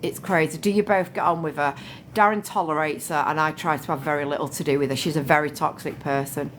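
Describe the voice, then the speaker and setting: A woman's voice: sits low, steady tone, fast talker, slight background noise. Chatty woman on a phone livestream. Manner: chatty, thanks viewers by name, swears freely. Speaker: livestream host. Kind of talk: casual livestream chat.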